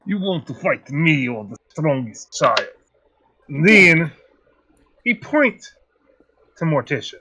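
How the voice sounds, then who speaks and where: A man narrating a tabletop game as its game master. His voice sits a little high and swings widely in pitch. He delivers his characters' lines in slow, weighty pronouncements. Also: very animated, sharp tone, muffled recording, a little hiss or hum.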